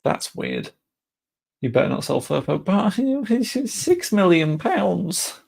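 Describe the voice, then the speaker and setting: A man's voice: high-pitched, big pitch swings, takes it slowly, creaky, a little mellow. A young man giving casual, chatty commentary while playing a game, muttering to himself and swearing offhand. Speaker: gaming streamer.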